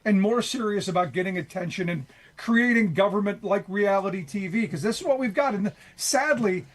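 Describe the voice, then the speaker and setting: A man with a notably high voice, joining a radio show as a guest host. He speaks with passion and dry sarcasm, building his points steadily. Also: animated, moderate pace. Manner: sarcastic, passionate political commentary. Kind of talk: casual talk radio.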